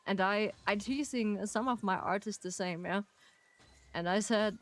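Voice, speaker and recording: A native German speaker with a German accent chats casually with her viewers as a streamer, playful, teasing and laughing often. Her voice is mid-range and unhurried.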